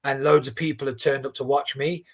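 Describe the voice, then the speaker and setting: A man in his forties, an animated storyteller who swears freely and restarts his sentences often, chatting casually on a boxing stream. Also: mid-range voice, fairly quick. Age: 40s. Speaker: boxing watchalong co-host. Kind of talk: casual chat.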